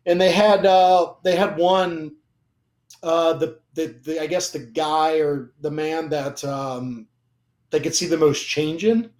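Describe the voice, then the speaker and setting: A man's voice: a little high, steady tone, slow, darkish tone. A young man sharing a personal faith testimony in casual conversation, emotional and rambling, with frequent fillers and restarts. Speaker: guest.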